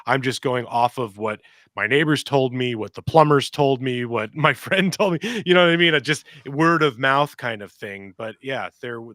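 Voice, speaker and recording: A man's voice: mid-range voice, no room sound. Middle-aged guy rambling through a story on a podcast, dry close mic. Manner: rambling, animated, acts out quotes and sounds. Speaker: podcast co-host. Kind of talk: casual storytelling chat.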